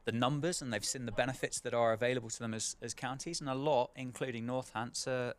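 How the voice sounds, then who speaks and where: A man's voice: medium pitch, fast. A man commentating live on a county cricket match, chatting between balls and lifting for big moments. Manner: conversational, rising to excited calls at wickets.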